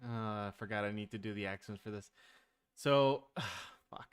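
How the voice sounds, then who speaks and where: A man's voice: lowish voice, moderate pace, noisy background. A young man giving casual, flustered commentary while playing a game, with frequent exclamations. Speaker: gameplay streamer.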